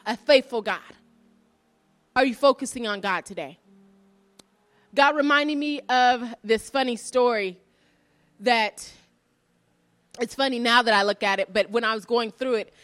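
A young woman delivers a heartfelt devotional in a high, ringing voice. She moves between a personal story and rhetorical questions to her listeners, earnest and direct throughout. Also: bright, forceful tone. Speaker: preacher.

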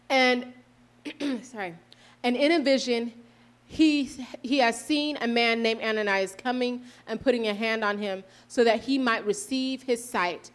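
A woman preacher delivers a sermon, reading scripture aloud and earnestly explaining it. Her voice is slightly high, and she slows down for emphasis and corrects herself from time to time.

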